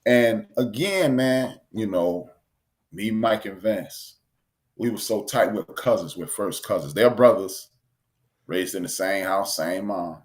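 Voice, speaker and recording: Man, low voice, easygoing podcast chat, acts out what people said. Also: takes it slowly. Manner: storytelling, animated, acts out quotes. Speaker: podcast co-host. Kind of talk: casual chat.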